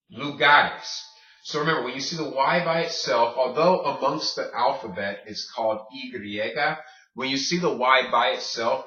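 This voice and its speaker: A man teaching a casual language lesson, patient, repeating words slowly and checking in with "okay?". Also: medium pitch, bright, forceful tone. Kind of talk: casual classroom-style lesson. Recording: roomy, distant, dull lo-fi sound.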